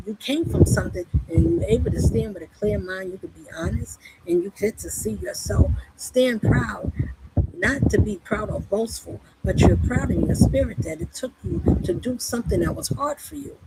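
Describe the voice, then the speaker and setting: A woman delivers an impassioned sermon full of rhetorical questions. Her gravelly voice rises and falls widely as she presses her points. A loud background noise runs under her the whole time. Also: medium pitch, expressive, moderate pace. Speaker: spiritual speaker. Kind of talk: preaching monologue.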